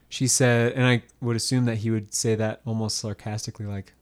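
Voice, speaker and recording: A man co-hosting a faith-based podcast, telling a scripture story in a relaxed, animated way and acting out the voices in it. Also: lowish voice, fairly quick, hardly any pauses, clean tone. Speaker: podcast co-host. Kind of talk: casual faith-based chat.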